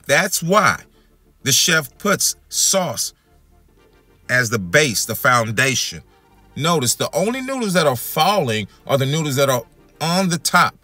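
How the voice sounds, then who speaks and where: A Texan man with a medium-pitched, sharp voice hosts a home cooking channel, demonstrating in his kitchen. He talks folksy, calling his viewers y'all and family, and the recording is dry.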